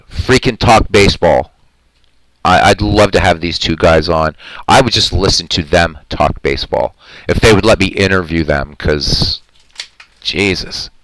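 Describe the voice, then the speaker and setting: Low-voiced earnest male stream host. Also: fairly bright tone, no room sound, rough recording. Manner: earnest, rambling, heartfelt; reads and answers viewer chat. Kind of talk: casual live-stream chat.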